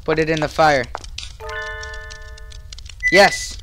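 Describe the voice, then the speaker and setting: A man's voice: on the high side, extremely slow. A man casually commenting while playing a video game, joking and rambling to himself in a playful way. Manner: playful, rambling, jokey asides. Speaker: let's play gamer. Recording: game music behind the voice. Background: game music.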